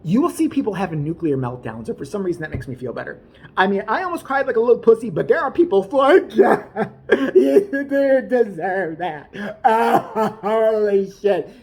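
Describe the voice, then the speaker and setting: A woman's voice: mid-range voice, animated, normal speed, a little mellow, breathy edge. A woman ranting in a casual, rambling way, swearing often, laughing and putting on mock outrage as she talks. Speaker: vlogger reviewing a TV show.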